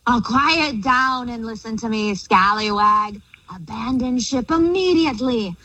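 A woman's voice: a little high, sharp tone, no echo, distant mic. A woman voicing a bold, flirty female pirate captain on a prank phone call, drawing out her words in a growly pirate manner. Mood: bossy pirate. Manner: growly drawn-out pirate talk with "arr". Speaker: caller.

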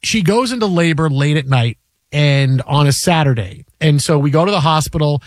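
A man in his forties hosting sports radio, telling stories in a casual, animated way and acting out quotes. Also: on the high side, normal speed, dry recording, studio quality. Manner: animated storyteller, acts out quotes.

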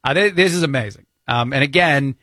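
A man's voice: medium pitch, a little fast, bright, forceful tone, no room sound. A man with a New Jersey accent filling in as a talk radio host, giving opinionated, chatty commentary with many fillers into a studio mic.

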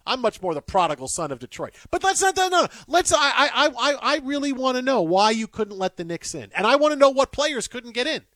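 A man with a high voice, co-hosting a casual sports talk show. He rants in an animated way and stumbles over repeated words. The sound is close and dry, with no room around it. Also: brisk, few pauses, no echo. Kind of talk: casual sports radio banter.

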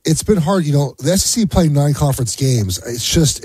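A man's voice: fairly high pitch, lively intonation, a little fast, warm tone, husky, no room sound. A man co-hosting sports radio, talking in mock-mournful sarcasm with stammering restarts. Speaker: radio co-host, former pro football player. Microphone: studio microphone.

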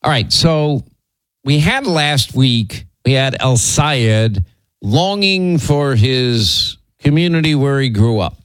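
A man's voice: mid-range voice, animated, slow pace, no room sound, rough recording. Sardonic male show host, dry studio. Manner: sardonic, frequent restarts. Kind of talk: opinionated commentary.

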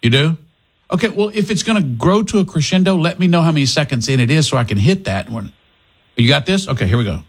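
A man's voice: fairly high pitch, quick pace, breathy edge. A man hosting a talk radio show, chatting casually and restarting his sentences often. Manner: lively, chatty, self-correcting with frequent restarts.

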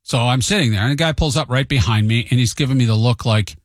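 A man riffs through a casual monologue, spinning everyday stories and jumping into higher, animated voices whenever he quotes someone. His voice sits at an ordinary middle pitch. The recording is dry and close, with no room sound. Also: fast, dry recording. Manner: chatty storyteller, acts out quotes with a raised voice; admits he tends to be hot-headed.

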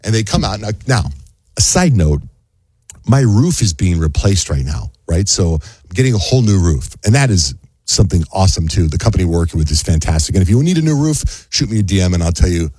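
A middle-aged man hosting a radio show, telling a story in a casual, animated way and acting out the people in it. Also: fairly quick, husky, no echo. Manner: animated storyteller, acts out quotes in high voices.

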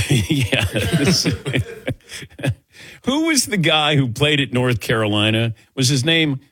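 Speaking extremely slowly in a medium-pitched, slightly rough voice, a middle-aged man from the Midwest hosts sports radio. He jokes around, laughs easily, and tells his stories with animation.

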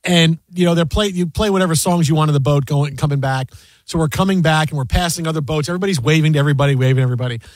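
A high-pitched man hosting sports talk radio, chatting casually and getting animated as he tells stories. His voice sits close and dry on the studio mic, with no room sound around it. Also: rapid-fire, no room sound. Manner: animated storyteller, loud sing-song impressions.

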